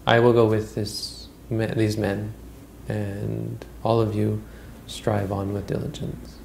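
A man voicing a calm, dutiful elder monk who speaks in a measured, dignified way. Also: fairly low pitch, vocal fry, echoey room, a little hiss or hum, heavily acted, rough recording. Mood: resolute.

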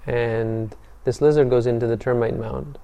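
A wise little boy novice, playful and matter-of-fact, giving blunt orders, as a man puts him on. The tone stays mellow and warm. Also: mid-range voice, fairly even intonation, moderate pace, vocal fry, lightly acted. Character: seven-year-old boy novice, enlightened, playful.

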